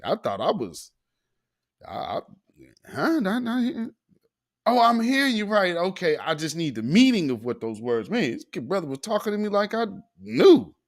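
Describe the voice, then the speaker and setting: Laughing, sing-song commentary host. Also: male voice, high voice, big pitch swings, normal speed. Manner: laughs often, trails off and restarts, riffs on his own asides. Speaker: show host. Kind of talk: casual commentary on news clips.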